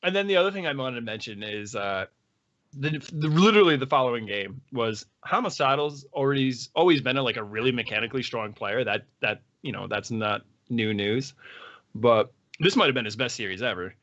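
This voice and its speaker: Bright-voiced male host on a muffled call. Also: medium pitch, animated, fairly quick. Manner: chatty, asks probing questions. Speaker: podcast host. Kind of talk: casual chat.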